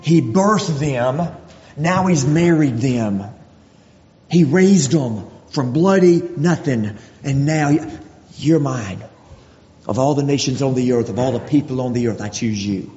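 A man preaches a sermon, reading scripture verse by verse and voicing God's words with mounting intensity. His mid-range voice is slow and warm, captured in a dull recording with long hall reverb.

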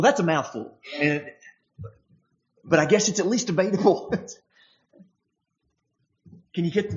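A preacher delivering a sermon in a conversational way, full of restarts and lively shifts of pitch when acting out the voices in the text. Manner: animated, acts out the quoted voices in a higher pitch. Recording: dull lo-fi recording.

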